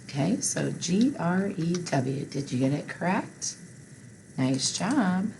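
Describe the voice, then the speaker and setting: A woman's voice: fairly low pitch, animated, slow, creaky, a little hiss or hum, poor audio. A woman teacher leading a phonics spelling lesson for children, patient and encouraging.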